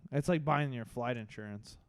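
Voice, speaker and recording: Podcast cohost dude swearing and riffing, clear smooth voice, dry studio sound. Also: male voice, medium pitch, moderate pace, no echo. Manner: swears casually, jokey riffing. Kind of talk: casual comedic chat.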